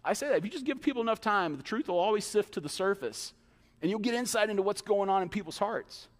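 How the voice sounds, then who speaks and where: A man preaching a sermon as pastor, animated, dropping into quick mimicked asides. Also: high voice. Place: church sanctuary. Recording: long hall reverb.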